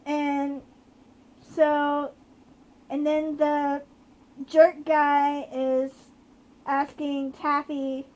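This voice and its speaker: A woman's voice: high-pitched, completely flat delivery, drawn-out words, pauses often, darkish tone. A woman with a slight Southern accent, rambling chattily with fillers while recapping a TV episode as a podcast co-host. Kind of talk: casual chat recapping a TV episode.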